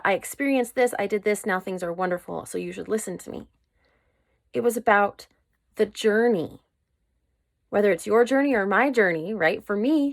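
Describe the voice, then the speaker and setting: A woman's voice: medium pitch, a bit bright, no echo, studio quality. A woman hosting a solo self-help podcast, talking candidly and emphatically in a coaching manner. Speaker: podcast host.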